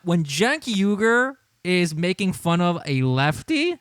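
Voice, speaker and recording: Male livestream host, somewhat high, smooth voice, dry close sound, laughing and incredulous. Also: sing-song, slow, hardly any pauses, dry recording. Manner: laughing, incredulous, rambling with restarts. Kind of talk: casual livestream commentary.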